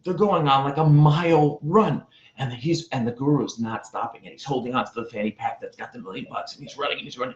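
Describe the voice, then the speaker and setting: A man who is a relationship coach, telling a parable and giving advice in a deliberate way, with pauses and repeated phrases. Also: mid-range voice. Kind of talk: storytelling advice talk. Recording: roomy, slightly dull sound.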